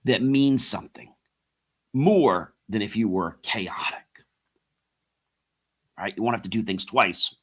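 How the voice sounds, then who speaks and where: A middle-aged podcast host and coach delivers a motivational monologue, repeating his key phrases, posing rhetorical questions, and calling his listeners "guys." His voice is fairly low and husky, and he speaks slowly with frequent pauses.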